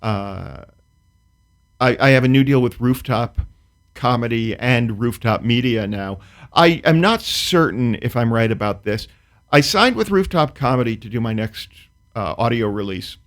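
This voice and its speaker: A man's voice: mid-range voice, lively intonation. Wry man telling a comic story. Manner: dry, precise, wry storytelling with pauses. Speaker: comedian and storyteller guest. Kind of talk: casual talk-show chat.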